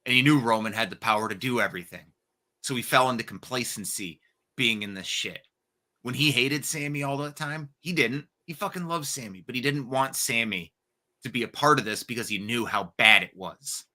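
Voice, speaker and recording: A young adult man co-hosting a casual wrestling podcast, telling the story with excited, profane energy. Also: medium pitch, fairly quick. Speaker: podcast co-host.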